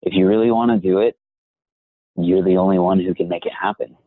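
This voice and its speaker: A young man, a voice actor, talking in a measured, reflective and encouraging way as an interview guest. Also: low-pitched, steady tone, no echo. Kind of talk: interview conversation. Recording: tinny phone-like line.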